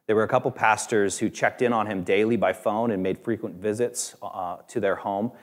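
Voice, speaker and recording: A man preaching a sermon in a conversational, halting way with many fillers, lifting his voice when he quotes other people. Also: on the low side, fairly even intonation. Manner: voice rises and grows louder when quoting others. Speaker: pastor.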